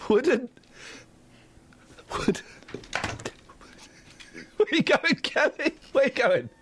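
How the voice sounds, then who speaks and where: A man's voice: very high-pitched, big pitch swings, takes it slowly, a bit bright, a little hiss or hum. A man presenting a radio show in casual, joking banter, laughing often.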